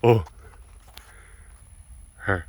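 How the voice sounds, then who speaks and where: A man's voice: extremely slow, darkish tone. Playful man cooing at big cats. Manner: playful, coos and baby-talks at the cats. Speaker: big cat facility keeper and show host. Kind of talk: casual chat to animals.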